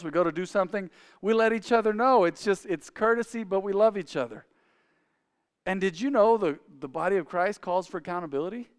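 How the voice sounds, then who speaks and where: Middle-aged male preacher, bright smooth voice, storytelling sermon with lively acted-out dialogue. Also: high voice, in a large hall. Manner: animated, acts out dialogue in quick voices.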